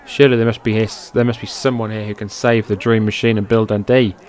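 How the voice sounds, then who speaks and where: A man giving amateur play-by-play commentary on a wrestling match, shifting from low, offhand calling to loud, high-pitched outbursts laced with swearing, into his own microphone. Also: level tone, fast talker, slight background noise. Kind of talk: amateur play-by-play commentary over old footage. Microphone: personal microphone.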